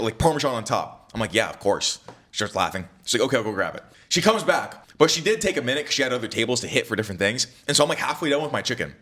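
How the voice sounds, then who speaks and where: A young man tells a story to the camera in a loose, chatty way and acts out both sides of a conversation. His pitch swings widely. His voice is bright and forward, and he works as a dating coach.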